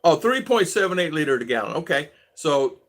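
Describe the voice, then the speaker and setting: A man's voice: on the high side, very animated, a little fast, a bit bright. A man from the United States hosting a casual livestream, thinking aloud and greeting viewers by name as he goes. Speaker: vlogger host.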